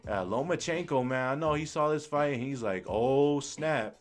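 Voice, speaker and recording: A young man doing live fan commentary on a boxing match, excited and slangy, full of exclamations. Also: medium pitch, fairly quick, faint music behind.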